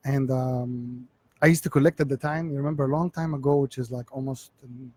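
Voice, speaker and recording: This interview guest, an Egyptian man in his forties with a matching accent, tells the story of his life, stumbling and repeating himself as he hunts for English words. The pitch sits in the middle, the tone is steady and somewhat dark.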